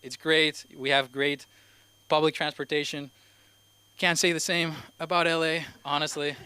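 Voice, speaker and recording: A man's voice: a little high, little pitch movement, moderate pace, sharp tone, clean tone, dry recording. A young man from Spain with a slight Spanish accent, doing his first stand-up set at an open mic, rambling and hesitant with many fillers. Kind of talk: stand-up comedy. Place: comedy club stage.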